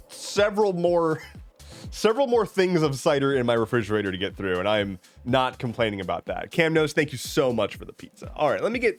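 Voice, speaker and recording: Man, live streamer, lively pitch, rambling casual chat, joking, frequent restarts, faint background music. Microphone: webcam setup at home.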